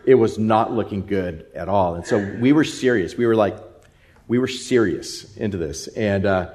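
A man with a lowish voice preaches from the pulpit. He rambles through a family anecdote with lots of fillers and restarts, lively and animated. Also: moderate pace. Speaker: pastor. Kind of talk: sermon with personal storytelling.

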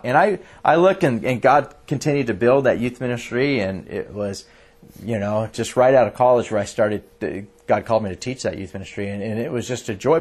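A man's voice: medium pitch, breathy edge. A man preaching a sermon as a pastor, telling stories earnestly and often restarting his sentences. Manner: earnest, animated storytelling with frequent restarts.

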